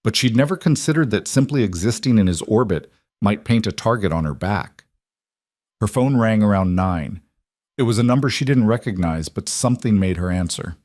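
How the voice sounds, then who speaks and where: A man giving steady, measured scripted narration of a dramatic story. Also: lowish voice, dry recording, clean studio sound.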